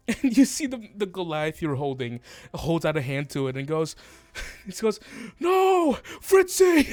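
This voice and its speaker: A man running a tabletop game as game master, narrating in a halting way and laughing often. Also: fairly high pitch. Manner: giggly, halting, with frequent laughs and restarts.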